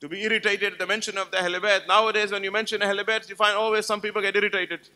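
Man, religious lecturer, high-pitched, piercingly bright tone, emphatic storytelling. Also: level tone, quick pace. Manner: emphatic, storytelling, rhetorical questions to the audience. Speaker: Islamic lecturer. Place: gathering with a live audience.

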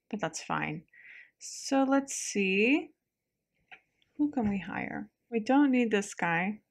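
A woman giving casual let's-play game commentary, chatty and excitable, quick to laugh. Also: medium pitch.

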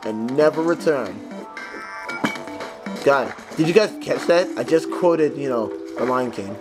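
A young man giving casual, jokey commentary as he plays a game, yelling at enemies and breaking into bits of song. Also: mid-range voice, normal speed, rough recording. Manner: excitable, jokey, talks to enemies, sings snatches. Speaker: gaming channel host. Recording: music playing under the voice.

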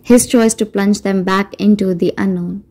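A woman narrating an audiobook in a measured storytelling manner, doing voices for the characters. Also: mid-range voice, steady tone, mellow, low-quality recording. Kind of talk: scripted narration.

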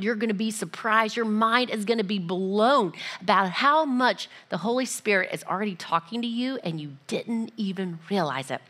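A woman giving a casual, lively church teaching, often acting out little voices and dialogues. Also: medium pitch.

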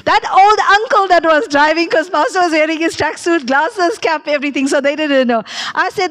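A woman's voice: high voice, fairly quick, a bit bright. A middle-aged woman pastor, preaching a sermon and telling a personal story, acting out the people she quotes. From South Africa.

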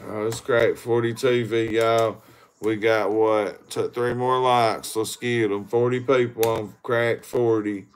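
A man's voice: mid-range voice, fairly even intonation, slow pace, a little hiss or hum. A man hosting a casual walking livestream on his phone, rambling crudely at viewers and begging for likes. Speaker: livestream host.

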